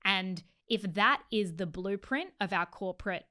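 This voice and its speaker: A chatty woman co-host with a smooth, clear voice at a middle pitch. She talks casually and breaks into laughs as she goes. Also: lively intonation, a little slow, bright, forceful tone. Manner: chatty, laughs while talking. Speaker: podcast co-host. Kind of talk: casual chat.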